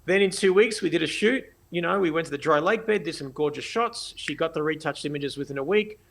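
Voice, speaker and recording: A man with an Australian accent, a podcast guest telling stories in an animated, blunt way and acting out conversations. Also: a little high, a little fast, creaky. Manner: animated, acts out dialogue, blunt and profane. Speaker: guest, photographer. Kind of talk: podcast interview storytelling.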